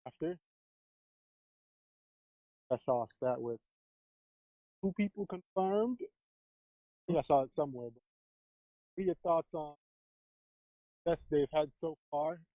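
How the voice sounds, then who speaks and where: A man calling in to a sports show, quick and questioning, asking the host for his thoughts. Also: on the high side, no echo. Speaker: caller. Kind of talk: call-in question. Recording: muffled, distant call-in line.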